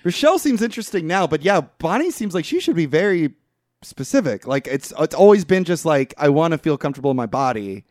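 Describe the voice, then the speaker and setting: A man chatting on a podcast, his voice a little high and swinging widely up and down as he jumps in with asides. He laughs easily between points. The sound is dry and close. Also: no room sound. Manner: lively, laughs often, quick asides. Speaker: podcast co-host. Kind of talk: casual chat.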